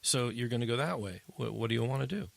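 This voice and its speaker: A man hosting a casual podcast chat, telling an animated story that climbs high at the funny parts. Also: fast, creaky, no echo. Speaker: addiction interventionist, podcast host.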